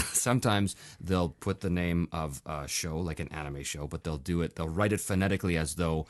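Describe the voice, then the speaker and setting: A man hosting a voice-acting podcast in a casual interview, chatty and quick to laugh. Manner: chatty, laughs often, lively swings in pitch. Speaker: podcast host.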